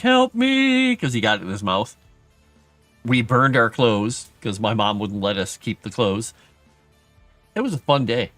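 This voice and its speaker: A middle-aged man hosting a livestream, chatting casually with his viewers and telling stories from his childhood in a self-deprecating way, with a higher pitch when he acts out what others said. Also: a bit bright, no echo. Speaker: livestream host. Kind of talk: casual storytelling to chat.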